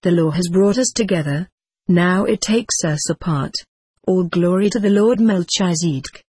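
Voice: medium pitch, moderate pace, a little mellow, breathy edge, no echo, lightly acted. A text-to-speech voice reading the lines of a young boy who calls to and bids farewell to a friend, in formal ritual phrasing. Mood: solemn.

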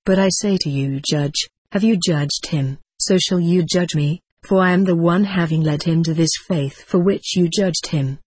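A reader voicing a defiant young wife addressing a judge in an audiobook, with a husky tone and a firm, steady delivery. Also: female voice, on the low side, moderate pace, hardly any pauses, dry recording.

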